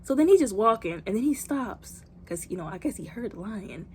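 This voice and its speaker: A woman's voice: medium pitch, sing-song, fairly quick, a little mellow, slight background noise. A woman giving a comedic movie recap, dramatic and sassy, with playful asides. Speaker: movie reviewer.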